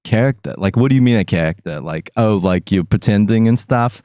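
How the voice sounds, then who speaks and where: A man voicing a chatty, excitable young woman patient with a New Jersey accent. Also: fairly low pitch, brisk, no echo, clean studio sound, close to an everyday voice. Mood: curious. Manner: bubbly, excitable.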